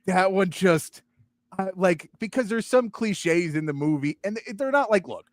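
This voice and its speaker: A male sports talk host chatting casually, animated and mocking, acting out lines as he goes. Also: high voice, normal speed, no room sound, studio quality. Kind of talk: casual chat.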